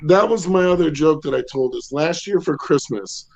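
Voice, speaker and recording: A man in his thirties with a loud, bassy voice, doing a rambling stand-up set from home with lots of ums and chuckles. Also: animated, normal speed, highs cut off. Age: 30s. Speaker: stand-up comedian. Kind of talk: casual stand-up set over video call. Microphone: home video call.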